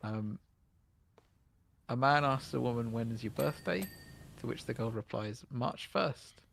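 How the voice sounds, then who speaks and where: Gravelly London man, chatty streamer. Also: mid-range voice, expressive, measured pace, a bit bright, slight background noise. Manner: chatty, reads out jokes, greets chat viewers. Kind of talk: casual co-op gaming chat.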